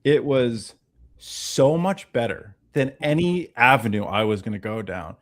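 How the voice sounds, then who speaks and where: A man on a casual livestream telling an animated story, acting out the voices of the people he quotes. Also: medium pitch, measured pace. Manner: animated storyteller who acts out quoted dialogue. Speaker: guest.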